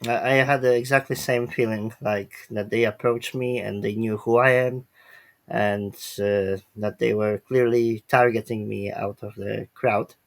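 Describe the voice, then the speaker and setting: A man's voice: on the low side, fairly even intonation, measured pace, vocal fry. A man whose first language is Polish, interviewing a guest in a hesitant way full of fillers. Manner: hesitant, many fillers, non-native phrasing. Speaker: interviewer, independent journalist. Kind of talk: interview questions and chat.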